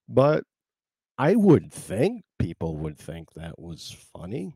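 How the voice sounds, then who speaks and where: A man's voice: low voice, huge pitch swings, slow pace, vocal fry, dark tone, breathy edge, no echo, studio quality. A man hosting his podcast live, rambling in casual chat with wry asides. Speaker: podcast host.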